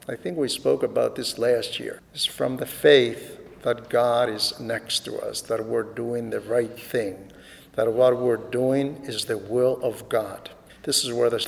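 A male preacher tells a story with drama and drops to quiet reflection between scenes. His voice sits a little high for a man and carries a long hall reverb. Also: creaky. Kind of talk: sermon storytelling.

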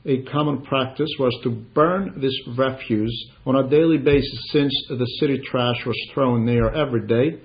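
A man preaching a sermon in an earnest, measured way, rising for emphasis. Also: mid-range voice. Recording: dull lo-fi recording.

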